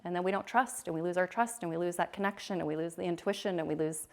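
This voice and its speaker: A woman's voice: fairly low pitch, fairly even intonation, quick pace. A woman in her thirties giving a casual, rambling talk at a retreat, with many fillers and restarts. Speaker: retreat presenter. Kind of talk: casual talk to a small group. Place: retreat room.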